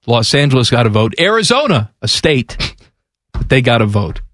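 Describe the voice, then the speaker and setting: A man co-hosting a sports chat, reading out results in a quick deadpan list. His pitch moves a lot and his voice sits mid-range. The recording is dry and close. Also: dry recording. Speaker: co-host.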